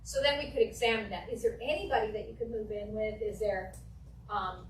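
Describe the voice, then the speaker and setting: A woman teaching a live real estate negotiation class to an audience, talking in a lively way and acting out phone calls. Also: mid-range voice, a little fast. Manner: lively, acts out phone calls and client replies. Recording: echoey room from a distance, faint noise.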